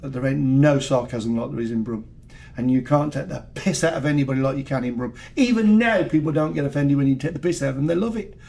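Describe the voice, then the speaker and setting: A man's voice: medium pitch, fast talker, gravelly, a little mellow. An older man with a Birmingham accent, a podcast guest telling candid, jokey stories from a long career in music and PR. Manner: chatty, jokey, repeats words as he goes. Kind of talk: candid anecdotal storytelling.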